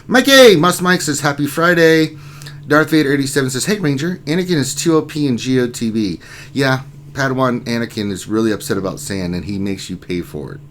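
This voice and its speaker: A man's voice: mid-range voice, expressive, a little fast, a bit bright. Man hosting a laid-back gaming livestream, reads chat handles aloud, faint noise behind. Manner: reads chat names aloud and greets viewers. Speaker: livestream host.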